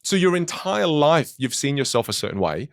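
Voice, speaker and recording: A man in casual podcast chat, explaining things in an animated way and acting out people's reactions. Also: a little high, moderate pace, creaky, no room sound, studio quality.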